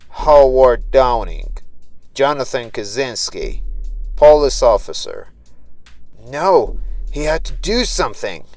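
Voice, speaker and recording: Slow, deliberate male story narrator. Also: medium pitch, darkish tone, no room sound, rough recording. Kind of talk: scripted horror story narration.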